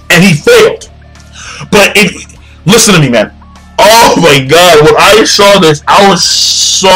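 An excitable young man rants through an anime review in a high, bright voice, swearing freely and tripping over his own restarts. Faint music plays behind him. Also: a little slow, slightly rough, rough recording. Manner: excitable, profane, stammering restarts. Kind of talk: ranting video commentary.

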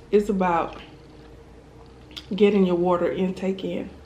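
A woman vlogger chatting casually to viewers while eating, sometimes talking with her mouth full. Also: lowish voice. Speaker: mukbang vlogger. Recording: roomy echo with faint background noise.

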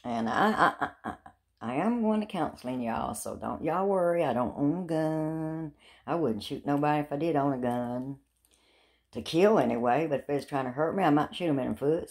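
Middle-aged woman vlogger, deep and fried voice, handheld phone, chatty and rambling. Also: expressive, normal speed, gravelly. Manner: rambling and chatty, with repeated words and self-mocking laughs. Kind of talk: casual talk to camera.

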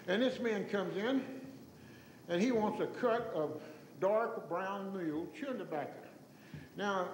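A Texan man in his sixties telling folksy stories to an audience, animated and chuckling as he acts out the people in them. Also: high-pitched. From Tyler, Texas. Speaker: storyteller giving an oral history. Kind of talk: folksy anecdotal talk to an audience. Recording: echoey hall recording with faint noise.

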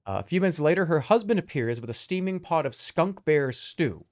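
Man streamer, lively reader, jokey asides, swooping animated pitch. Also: fairly quick. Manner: animated, joking, laughs between lines. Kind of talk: reading a gamebook aloud with jokey asides.

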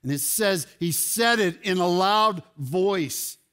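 A man preaching a sermon as pastor, animated and rising to loud exclamations. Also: sits high, takes it slowly, smooth. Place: church sanctuary.

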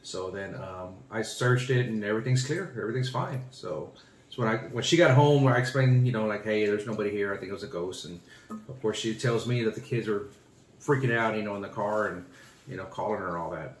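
A man from Texas in his forties, co-hosting a family channel and telling a story in relaxed, rambling casual chat. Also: on the low side, fairly quick. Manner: relaxed, rambling, short agreeing replies. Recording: echoey room.

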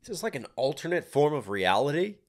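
A man hosting a reaction video, talking casually and excitedly over a rap track, laughing and reacting out loud. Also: a little high, a little fast.

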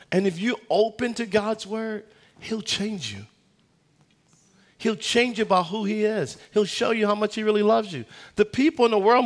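High-pitched man preaching with dramatic pauses. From United States. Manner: animated storytelling, acts out voices in anecdotes; preaching with dramatic slowdowns on key phrases. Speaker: guest pastor. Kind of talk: sermon.

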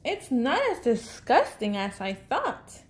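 A woman's voice: a little high, huge pitch swings, slow pace, full character voice. Fussy picky bird, as a woman reads him. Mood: grudging. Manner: grudging, wry remarks.

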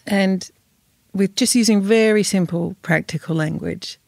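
A woman's voice: medium pitch, unhurried, vocal fry, a little mellow, dry recording, studio quality. A woman, speaking frankly and emotionally as a podcast guest, swearing and laughing now and then. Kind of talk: candid podcast interview.

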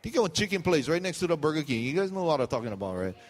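Male pastor, middle-aged, animated rising and falling pitch, sermon storytelling. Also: racing, in a large hall. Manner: storytelling with quoted voices and pidgin asides.

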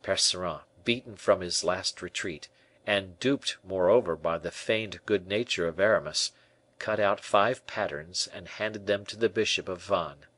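A man narrating a classic novel as an audiobook, in expressive, even-paced storytelling. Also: low-pitched, a little slow, breathy edge, dry recording. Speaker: audiobook reader. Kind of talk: scripted narration.

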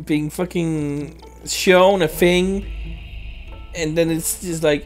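A woman's voice: low-pitched, steady tone, slow pace. Exasperated woman swearing through a game. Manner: exasperated, swearing, muttering to herself. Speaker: let's play host. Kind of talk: video game commentary. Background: faint game music.

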